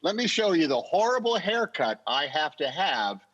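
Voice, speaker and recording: A man telling lively talk-show anecdotes as a guest actor, acting out lines in voices with stammering restarts. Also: fairly high pitch, moderate pace, dull audio. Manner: lively storyteller who acts out lines in voices. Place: television studio with live audience.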